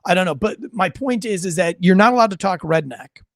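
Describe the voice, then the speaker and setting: A man's voice: high-pitched, lively intonation, normal speed, creaky, no room sound, studio quality. A man hosting a livestream, ranting bluntly and profanely with wisecracks and reading out chat comments. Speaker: livestream show host and military veteran.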